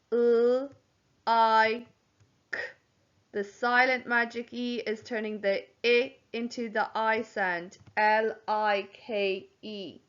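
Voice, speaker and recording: A woman's voice: on the high side, clean tone. A woman teacher giving a home learning spelling lesson to young children, spelling each word out letter by letter. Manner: slow, spells words out letter by letter. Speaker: primary school teacher. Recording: dull lo-fi home recording.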